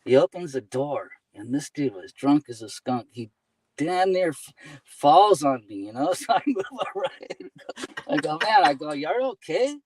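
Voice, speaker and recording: A man's voice: fairly high pitch, sing-song, measured pace, slightly rough, far from the mic, poor audio. A man chatting as a guest, telling casual stories and laughing often, with "you know" and "man" between his phrases. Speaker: guest, delivery driver. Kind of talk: casual storytelling.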